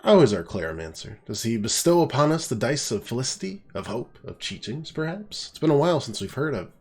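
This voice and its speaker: A man's voice: medium pitch, very animated, brisk, a little mellow, slightly rough, pitched above the performer's own voice. A man with a stuffy nose voicing a grandiose mystic who greets travelers in pompous, archaic phrasing. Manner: pompous, archaic ceremonial delivery.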